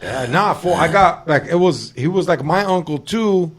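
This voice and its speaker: A man's voice: fairly high pitch, animated, moderate pace, husky. A man telling a crude story in casual chat, rambling and slangy, full of fillers. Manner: slangy, rambling, heavy with fillers like dog and fool.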